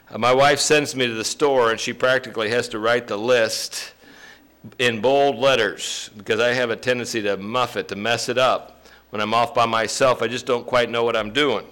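A man preaching a sermon, joking with the congregation and breaking into loud emphasis. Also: mid-range voice, fairly even intonation, moderate pace. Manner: folksy, joking asides with sudden loud emphasis. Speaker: pastor.

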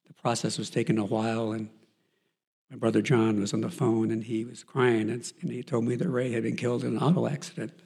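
A man's voice: mid-range voice, gravelly, darkish tone, husky. A man earnestly telling his Christian faith testimony as a story, with frequent fillers and restarts. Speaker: person giving a Christian testimony.

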